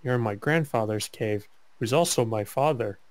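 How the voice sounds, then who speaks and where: A man's voice: mid-range voice, dry recording. A man reading a fanfic aloud for laughs, stumbling over words and trading jokes with a co-host. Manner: halting read-aloud, stumbles and mock-serious delivery. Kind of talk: comedic dramatic reading with banter.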